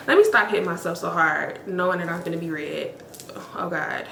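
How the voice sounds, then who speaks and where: A young woman, telling a story in a casual, animated way with lots of emphasis. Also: mid-range voice, fast, vocal fry, roomy sound, slight background noise. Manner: animated, emphatic, heavy use of "like". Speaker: storytime vlogger.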